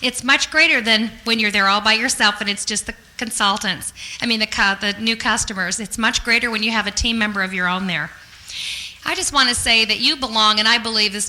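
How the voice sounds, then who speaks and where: A woman's voice: fairly high pitch, sharp tone, poor audio. A woman giving a motivational sales training talk in an upbeat, earnest and encouraging way.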